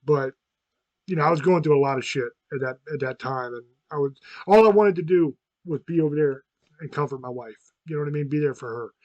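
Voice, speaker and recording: A man's voice: a little high, a little fast, darkish tone, dry recording, dull audio. Profane rambling man in his fifties. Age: 50s. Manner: rambling, frank and profane, with many restarts. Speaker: podcast host. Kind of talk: casual chat.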